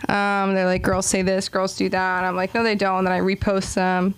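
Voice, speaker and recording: A young woman from Los Angeles hosts a small comedy open mic. Her voice is smooth and clear, with a dry, close sound, and her jokes drift and undercut themselves. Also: medium pitch, completely flat delivery, normal speed, no room sound. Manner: rambling, self-deprecating, ironic. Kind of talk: stand-up comedy hosting. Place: small comedy club stage.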